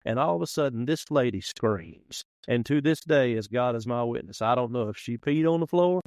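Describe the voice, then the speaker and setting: A man's voice: mid-range voice, lively intonation, normal speed, darkish tone, no echo, clean studio sound. A man, hosting a podcast and telling rambling, folksy stories in casual chat. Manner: folksy rambling storyteller, acts out quoted voices. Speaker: podcast host. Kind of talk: casual storytelling.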